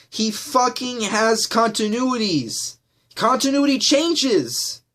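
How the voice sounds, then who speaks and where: A man posting a heated response video to a comment, swearing often and swinging between worked-up outbursts and calmer asides. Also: high voice. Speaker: YouTuber answering a comment.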